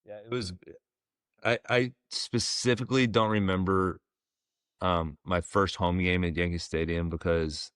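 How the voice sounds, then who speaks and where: Man, low voice, relaxed rambling storyteller, dry studio sound. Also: measured pace, clean tone, no room sound. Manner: relaxed, rambling, lots of fillers and likes. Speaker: guest, former pro baseball player. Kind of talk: casual storytelling interview.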